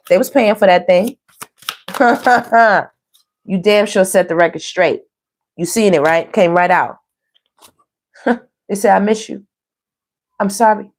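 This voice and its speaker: A woman doing a casual online tarot reading, chatty and playful, who laughs often and talks straight to her viewers. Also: mid-range voice. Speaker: tarot reader.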